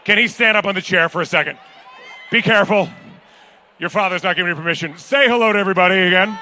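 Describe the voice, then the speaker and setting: A man's voice: high voice, fast, pushed and bright, slight background noise. A man calling bids at a live charity auction, joking with the crowd. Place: large banquet hall at a gala.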